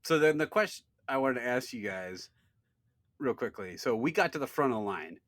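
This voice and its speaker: Animated, foul-mouthed man telling a story. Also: mid-range voice, moderate pace, no echo, clean studio sound. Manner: animated storyteller, swears freely. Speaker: podcast co-host. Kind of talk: casual chat.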